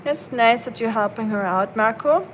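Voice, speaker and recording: A chatty woman with a fairly high voice talks casually to her stream viewers, playful and quick to laugh. Soft rain patters faintly in the background. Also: a little hiss or hum, poor audio. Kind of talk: casual chat. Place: at home, rain outside. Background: rain ambience.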